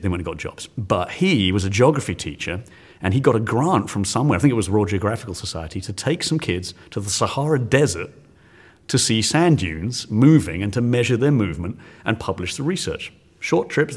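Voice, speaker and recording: Man, forties, from the uk, science teacher, interview guest, lowish voice, animated storyteller. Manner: animated, laughing as he tells stories.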